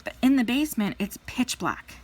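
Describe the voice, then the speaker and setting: A crafting vlogger in her thirties tells stories in casual chat, using plenty of fillers and playful voices when quoting people. Her voice is a little high and sing-song with a breathy edge, at a moderate pace.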